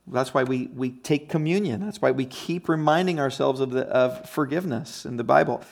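A man preaching a conversational teaching sermon, emphatic and often checking in with his listeners. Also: a little high. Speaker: pastor.

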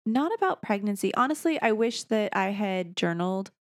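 A woman's voice: mid-range voice, lively intonation, normal speed, no echo. A young woman co-hosting a podcast, telling a story in a casual, self-deprecating way, sleep-deprived as a new parent. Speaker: podcast co-host. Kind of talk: casual chat.

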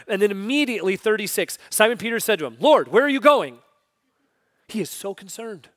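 A man preaching a sermon, acting out scripture voices and swinging from loud exclamations to hushed asides. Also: high-pitched, no room sound, clean studio sound. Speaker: pastor.

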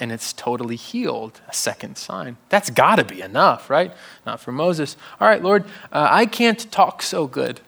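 A man's voice: medium pitch, gravelly, fairly bright tone. A man preaching a sermon in a conversational style, joking and asking the congregation questions.

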